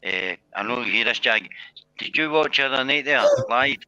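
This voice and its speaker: A man's voice: medium pitch, expressive, normal speed, pushed and bright, smooth, no room sound. A man on a live stream panel telling long rambling stories, repeating himself and swearing. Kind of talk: casual banter on a live stream. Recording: dull, dry lo-fi sound.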